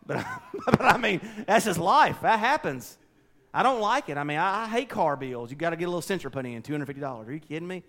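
A middle-aged man preaching a folksy, conversational sermon, swinging between loud and quiet. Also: fairly high pitch, sing-song, a little fast. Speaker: pastor.

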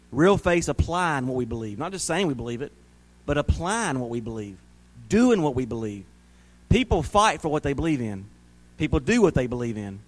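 A man preaching a sermon to a congregation, folksy and joking, rising into emphatic preaching. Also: mid-range voice. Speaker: pastor.

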